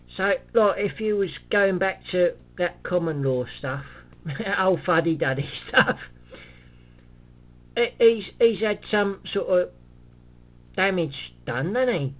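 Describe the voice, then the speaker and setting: A man's voice: high-pitched, animated, takes it slowly, lo-fi sound. A man rambling in a casual monologue, chatty and cynical, chuckling often and restarting his sentences. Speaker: vlogger.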